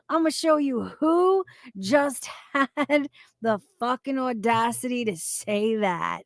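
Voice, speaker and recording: High-voiced woman, slow and emphatic, indignant profane commentary, dry close mic. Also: expressive, no room sound. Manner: indignant, swears heavily, bursts into shouting and laughter. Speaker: commentary YouTuber reacting to clips.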